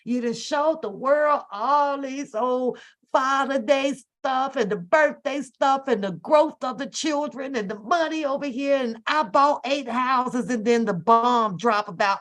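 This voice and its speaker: A woman hosting a casual live stream, ranting about celebrity gossip in an animated, exasperated, profane way. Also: high-pitched, a little slow. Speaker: host.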